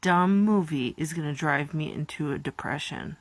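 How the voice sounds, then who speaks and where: A woman's voice: low-pitched, moderate pace, no echo. A woman in her twenties reacting emotionally to movies in a casual vlog, rambling and dropping whispered asides. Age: 20s. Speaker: YouTuber.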